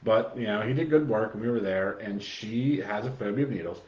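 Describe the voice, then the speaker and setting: A man co-hosting a podcast, telling a long story in a relaxed, rambling chat. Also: fairly low pitch, brisk. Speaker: podcast co-host. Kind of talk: casual chat. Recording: echoey room, dull lo-fi sound.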